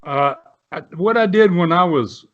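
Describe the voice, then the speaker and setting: Older male guest, high-pitched for a man, folksy rambling storyteller, lo-fi sound. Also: expressive, measured pace, fairly bright tone. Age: 70s. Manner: folksy, rambling, frequent "right?" and "you know". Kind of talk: storytelling in an interview. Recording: dull lo-fi.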